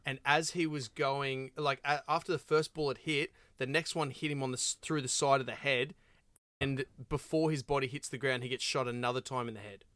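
A man co-hosting a podcast, telling a story in a casual chat with animated laughs. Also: medium pitch, fairly quick, no echo. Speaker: podcast co-host.

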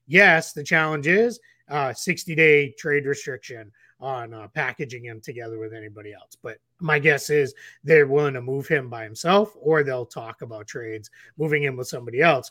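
Male podcast analyst, bright and forward voice, talks in loose rambling restarts. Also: medium pitch, no room sound, studio quality. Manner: rambling, frequent restarts and fillers. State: getting the hiccups. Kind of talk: casual basketball podcast talk.

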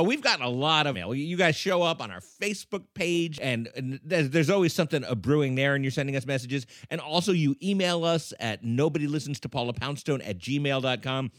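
Bright-voiced male podcast co-host. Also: fairly high pitch, slight background noise. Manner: playful, drawls catchphrases. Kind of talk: casual comedic chat.

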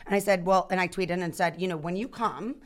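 A woman in her thirties, a guest actor telling stories in a casual podcast chat, animated and full of restarts. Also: fairly low pitch, a little fast. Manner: animated storyteller, many restarts and fillers.

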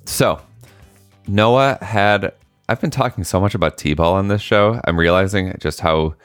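A man's voice: low voice, unhurried, smooth, no room sound, clean studio sound, faint music behind. A man in his late thirties, a podcast co-host, telling a family story in casual chat and acting out the quotes. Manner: animated storytelling, acts out quotes.

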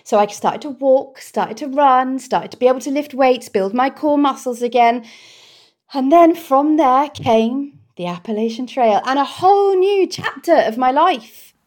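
A British woman with a voice that sits somewhat high speaks as an interview guest. She tells her story expressively and with open feeling, in an easy conversational way. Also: lively intonation, a little slow, a little mellow. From Britain.

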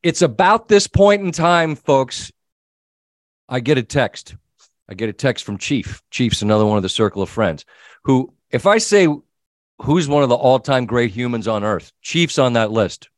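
A middle-aged man hosting a sports talk show, telling an animated story and acting out the people in it. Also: mid-range voice, moderate pace, dry recording, studio quality. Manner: animated storyteller, quoting himself and others. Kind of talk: casual storytelling chat.

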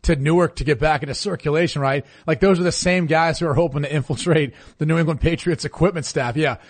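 Man, former football player, casual sports chat, joking, slightly high pitch. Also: fast, dry recording.

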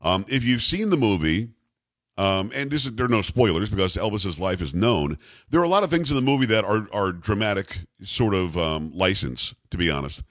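Chatty middle-aged talk radio host. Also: male voice, on the low side, expressive, brisk, a bit bright, no room sound, clean studio sound. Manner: rambling, chatty, teasing co-hosts. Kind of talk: casual talk radio banter. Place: radio studio.

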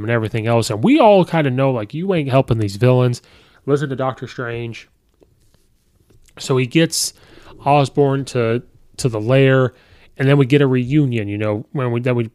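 A man hosting a podcast, recapping a film in a casual, rambling way with many fillers and quick quoted asides. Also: medium pitch, a little mellow, no echo, studio quality. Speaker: podcast host reviewing a film. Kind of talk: casual movie review.

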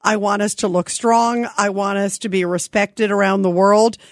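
A woman's voice: medium pitch, steady tone, moderate pace, no room sound, studio quality. A woman hosting a talk radio show, speaking emphatically and indignantly, firing rhetorical questions.

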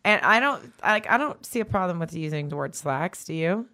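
A woman's voice: on the low side, lively intonation, fairly quick, pushed and bright. This is a woman co-hosting a casual podcast, recorded on a studio microphone in an office. She talks bluntly and teases her co-host, laughing often along the way. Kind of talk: casual chat.

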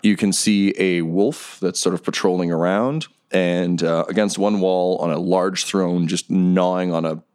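Game master, male, very low voice, relaxed rambling narration with fillers. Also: a little slow, few pauses, clean tone. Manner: loose narration full of ums and uhs.

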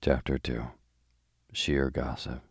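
A man reads a classic novel aloud as a bedtime audiobook. His voice is extremely deep and almost monotone, soothing and even. The sound is dry and close. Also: takes it slowly, gravelly, husky, no room sound. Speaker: narrator. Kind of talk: sleepy bedtime audiobook reading.

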